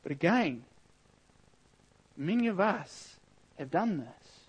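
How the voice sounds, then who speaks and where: Earnest male preacher, higher voice. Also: very animated, takes it slowly, husky, rough recording. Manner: earnest, emphatic, with reading of scripture and repeated phrases. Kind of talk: sermon.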